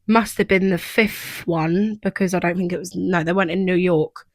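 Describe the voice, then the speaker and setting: A young woman co-hosting a podcast chats casually, rambling and using lots of fillers. Her voice is lowish and steady, she talks at a normal speed, and there's no room sound.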